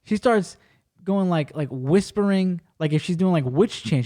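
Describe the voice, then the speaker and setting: Podcast host, man, fairly high voice, animated and foul-mouthed storyteller. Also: measured pace. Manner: animated, acts out quoted dialogue with shifting voice; profane and blunt. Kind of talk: casual storytelling chat.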